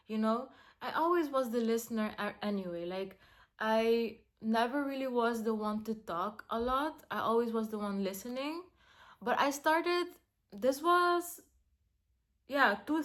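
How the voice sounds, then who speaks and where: A young woman talks in a loose, rambling vlog voice, sitting slightly high in her range. She fills her sentences with little fillers and then slows into gentle, soothing self-affirmations. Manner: chatty, rambling with many fillers, drops to a soft calm tone for affirmations. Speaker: vlogger. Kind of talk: casual self-talk vlog.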